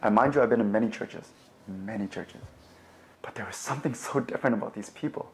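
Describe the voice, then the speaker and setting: A young man with a fairly low voice tells his personal faith story in a relaxed way. He talks loosely with plenty of fillers and animates the story by acting out both sides of remembered conversations. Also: brisk, faint music behind. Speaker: guest sharing his faith testimony.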